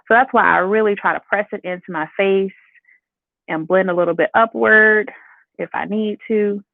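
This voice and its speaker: A chatty woman from Chicago talks her viewers through a makeup routine and calls them "y'all". Her voice has a gravelly vocal fry. The sound is tinny and phone-like, and the room is dry. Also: medium pitch, no echo. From Chicago, United States. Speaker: beauty vlogger. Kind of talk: casual live makeup tutorial.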